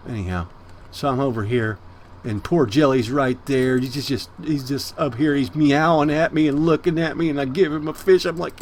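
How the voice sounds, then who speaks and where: A man's voice: medium pitch, steady tone, normal speed, a little hiss or hum. A man hosting a Minecraft let's-play, rambling casually to his viewers and cooing at the cats in his base. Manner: chatty and rambling, talks to viewers as guys; baby talk and meowing at the cats. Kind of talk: casual gameplay commentary.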